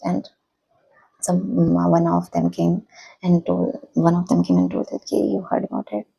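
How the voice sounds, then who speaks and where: Young female vlogger, soft-spoken and halting; mellow, gravelly, husky voice. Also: fairly low pitch, poor audio. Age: young adult. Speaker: vlogger, college student. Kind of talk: personal reflective vlog.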